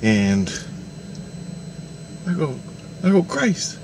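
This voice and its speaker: A man's voice: fairly high pitch, huge pitch swings, extremely slow, creaky, background noise. A man rambling through a spiritual vision story, laughing often and acting out the dialogue.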